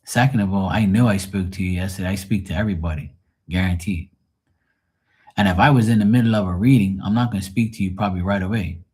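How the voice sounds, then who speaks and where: A man's voice: sits low, fast talker, a little mellow, breathy edge. A man who does live tarot readings, chatting with viewers in a blunt, profane, offhand way. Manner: blunt, profane, talks straight to the chat. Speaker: live tarot reader, streamer. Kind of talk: casual live-stream chat.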